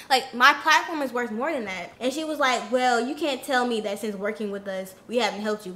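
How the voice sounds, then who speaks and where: A young woman telling a storytime vlog, ranting in an animated, indignant way. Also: on the high side. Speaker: influencer vlogger.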